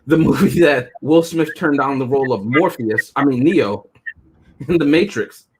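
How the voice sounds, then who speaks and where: A man's voice: mid-range voice, a little slow, a little hiss or hum. A man co-hosting a casual movie review chat, joking and chuckling often as he talks.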